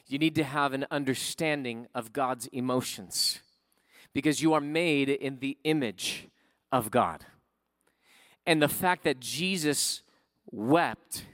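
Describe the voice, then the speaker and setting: A man preaching a sermon in a conversational way, often checking in with his listeners with a quick "right?". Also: medium pitch, no room sound, studio quality. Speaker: pastor.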